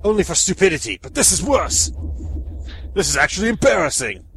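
A man's voice: sits high, very animated, fairly quick, creaky, a bit bright, slight background noise, exaggerated voice. A man voicing a bumbling, vain mad scientist with a pompous, exasperated manner.

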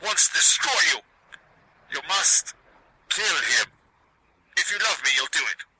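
A man's voice: sits high, very animated, measured pace, bright, forceful tone, slightly rough, heavily acted. A man voicing a scheming master who calls urgently to his robot from far away, in an improv comedy scene.

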